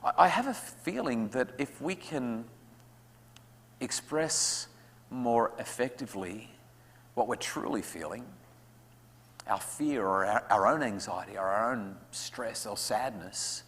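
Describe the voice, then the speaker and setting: An Australian man addresses a room of parents in a relaxed, joking way, and his voice sits at a middle pitch. His voice carries a long reverb from a large school hall. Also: slow. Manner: conversational and humorous, acts out parents' lines. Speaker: guest speaker on parenting. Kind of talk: public talk to parents.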